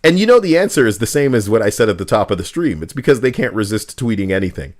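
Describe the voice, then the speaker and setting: A streamer reacting to posts rants about gaming news, profane and sarcastic, often slipping into mocking voices. His voice is fairly low and fast, animated, swinging between mock voices and mutters.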